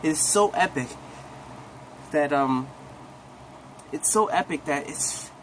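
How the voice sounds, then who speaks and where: A young man excitedly retelling an anime episode in a casual, rambling way full of slang, coughing now and then. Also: on the high side, takes it slowly, heavy background noise. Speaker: recap host.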